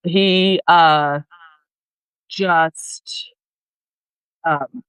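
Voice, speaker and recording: Middle-aged woman, loud and passionate, rambling casual chat, dry close sound. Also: lowish voice, steady tone, very slow, clear, resonant tone, no room sound, poor audio. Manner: rambling, many fillers and restarts. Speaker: flight attendant sharing her story.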